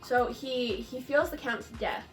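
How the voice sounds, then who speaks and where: A young woman with a high, light voice talks through a film in casual chat. She is animated and sarcastic, quick to laugh. Faint music sits underneath. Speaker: host.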